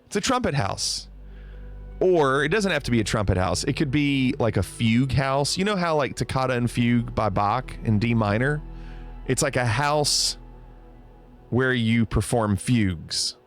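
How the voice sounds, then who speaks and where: A playful man chats with his viewers, his pitch swinging widely as he teases and laughs. Soft music plays faintly in the background. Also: expressive, unhurried. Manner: playful, teasing, laughs often. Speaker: streamer. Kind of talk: casual livestream chat reading viewer comments.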